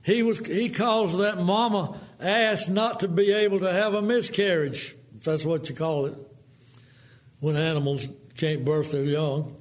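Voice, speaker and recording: A man preaching a sermon in a folksy manner, acting out quotes in a lower voice. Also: measured pace.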